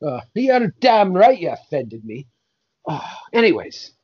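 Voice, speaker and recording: A man putting on a cranky old saint, high-pitched and indignant, swearing through his grievances in a comedy podcast bit. The recording sounds a little dull and lo-fi. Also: very animated, moderate pace, breathy edge, full character voice. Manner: profane, indignant ranting. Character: Saint Patrick, cranky foul-mouthed old Irish male saint.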